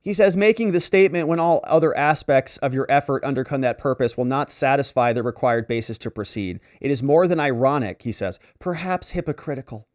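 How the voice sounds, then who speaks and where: A man's voice: mid-range voice, a little fast, hardly any pauses, a little mellow, dry recording, studio quality. A man giving casual legal commentary, sarcastically reading out and mocking letters. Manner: sarcastic, mocking voices when paraphrasing letters. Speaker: lawyer commentator.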